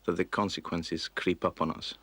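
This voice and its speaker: A man telling of his cancer treatment in a documentary interview, measured and hesitant, with frequent pauses. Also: deep voice, level tone, fairly bright tone. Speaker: cancer patient recounting his experience. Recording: noisy 1980s documentary audio.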